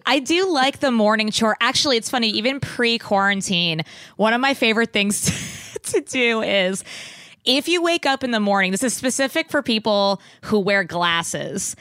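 A woman's voice: a little high, expressive, moderate pace, a bit bright, no room sound, studio quality. A woman on a casual podcast chat. She is giggly and chimes in with short reactions.

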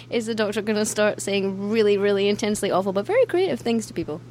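A woman's voice: medium pitch, animated, fast, a little mellow, a little hiss or hum. A young woman with a Scottish accent, a band member chatting casually in an interview, laughing often and acting out quoted voices.

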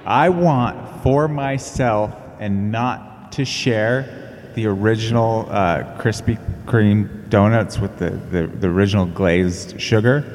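Halting low-voiced man in a reverberant hall. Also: darkish tone, slight background noise. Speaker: comedy partner. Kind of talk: improvised comedy bit.

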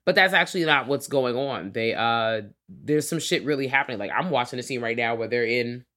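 A man's voice: medium pitch, fairly quick, sharp tone. A man co-hosting a casual film-review podcast, talking loosely with plenty of slang, swearing and filler words. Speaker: podcast co-host.

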